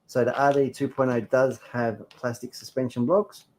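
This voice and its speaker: A man's voice: mid-range voice, flat delivery, normal speed, darkish tone. A young man with a playful, enthusiastic manner, presenting hobby products in a casual chat.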